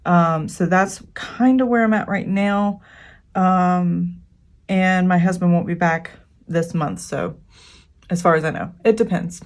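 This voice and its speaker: Chatty woman, lower voice, many fillers. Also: unhurried. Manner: rambling, with frequent "um" fillers. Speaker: budget planning channel host. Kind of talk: casual chatty vlog walkthrough.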